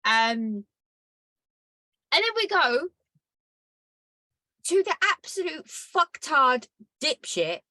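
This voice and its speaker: Bright, blunt, sweary woman podcaster. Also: high voice, big pitch swings, extremely slow, pauses often, no echo. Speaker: podcast co-host. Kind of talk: casual chat.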